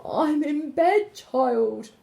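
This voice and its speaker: A woman voicing a clever, hungry male wolf in a fairy tale, soft and sweet-talking as he fakes an old lady. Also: high voice, expressive, drawn-out words, creaky, pitched above the performer's own voice, heavily acted. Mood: sly.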